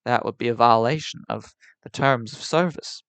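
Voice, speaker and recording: A man's voice: medium pitch, a bit bright, clear, resonant tone, dry recording, lightly acted. A man putting on a drawling Southern plantation-owner voice with a non-rhotic Southern US accent. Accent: Southern US, non-rhotic (put on). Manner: slow drawl.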